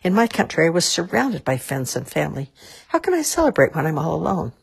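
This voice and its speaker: A woman's voice: sits low, big pitch swings, a little fast, vocal fry, slightly rough, heavily acted. Woman doing a plaintive lonely immigrant man.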